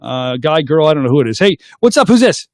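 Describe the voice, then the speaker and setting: Casting note: goofball male call-in host, quick and high. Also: dry recording, studio quality. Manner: goofy, excitable, makes silly sound effects. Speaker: host of a call-in livestream show. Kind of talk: casual call-in chat.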